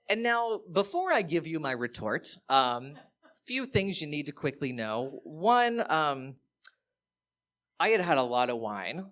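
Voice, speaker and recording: Self-mocking standup man, animated, fairly high voice, live set. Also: a little slow. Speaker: comedian. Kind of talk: standup comedy. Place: live comedy venue.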